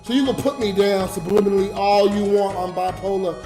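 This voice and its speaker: A high-voiced man, drunk and in tears, rants on a late-night livestream, cursing and speaking straight to his chat. His voice rings around an echoey room while music plays clearly behind him. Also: a little fast, dark tone. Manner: ranting, swearing, talking straight to the chat. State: crying. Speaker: livestreamer and YouTube comedian.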